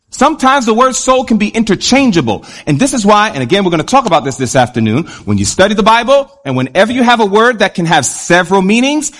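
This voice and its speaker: A man preaching a sermon to a congregation, animated and often asking the audience questions as he reads and explains Bible verses. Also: high-pitched.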